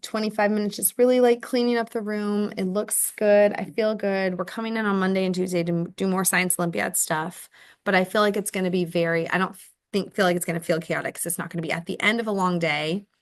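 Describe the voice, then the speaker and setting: A woman's voice: mid-range voice, fairly even intonation, brisk. A middle-aged woman teacher talking through her day in a candid, chatty video diary, full of fillers and restarts.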